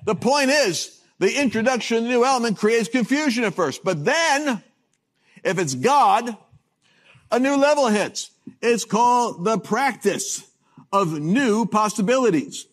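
A man preaching a sermon, telling stories with jokes and swinging between loud bursts and hushed asides. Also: very high voice, animated, a little slow. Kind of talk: sermon with storytelling.

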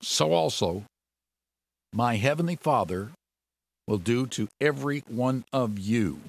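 A man preaching a sermon who talks in a lively, animated way and jumps higher and louder on key words. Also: unhurried, pauses often.

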